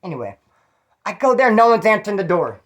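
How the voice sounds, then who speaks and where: A man's voice: high voice, sing-song, fairly quick, fairly bright tone. Profane, slangy man telling a story. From California. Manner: profane, slangy, rambling with restarts; mimics others in quoted voices. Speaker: YouTuber telling prison stories. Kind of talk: casual storytelling.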